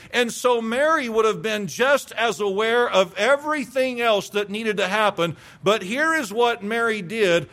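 A man's voice: high voice, a little slow, few pauses, a bit bright. A male pastor preaching a sermon, emphatic, asking rhetorical questions and repeating phrases for weight.

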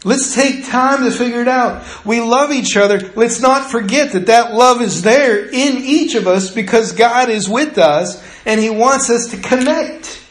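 A male pastor preaching in a conversational way, his voice fairly high for a man. He slows and quiets down to drive points home. The sound carries the echo of a roomy church. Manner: conversational preaching that drops to slow, quiet emphasis. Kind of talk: sermon. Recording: echoey room.

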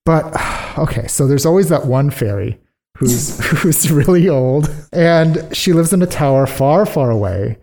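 A woman co-hosting a casual podcast, retelling a fairy tale with a giggle and quick put-on voices for the characters. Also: sits low, animated, dark tone. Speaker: podcast co-host.

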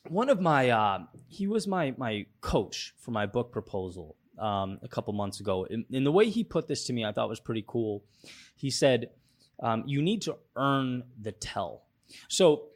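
A man speaking as a podcast guest, thoughtful and full of fillers and restarts. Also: mid-range voice. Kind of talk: casual interview talk.

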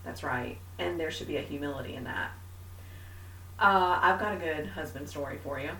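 Female co-host, animated storyteller; bright tone, roomy sound. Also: deep voice, moderate pace, distant mic. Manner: animated storyteller, mimics herself. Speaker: podcast co-host. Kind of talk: casual faith chat. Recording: echoey room, a bit off-mic.

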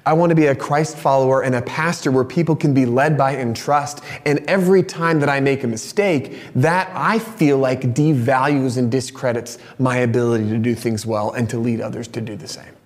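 A man in his thirties, a pastor preaching a sermon through a personal story, candid and animated, sometimes turning soft and confessional. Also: mid-range voice, moderate pace, few pauses. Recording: long reverb of a large hall.

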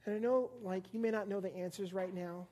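A young woman with a dark, steady, medium-pitched voice preaches fairly quickly to a live congregation at a church service. The sermon is casual and playful, full of back-and-forth with the crowd, frequent laughter and acted-out little scenes.

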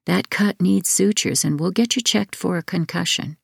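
A gentle nurse who speaks in a soothing, reassuring way, as a woman narrator reads her lines. Her voice is low with a slight gravelly edge. The sound is dry and close for an audiobook. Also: normal speed, dry recording, heavily acted.

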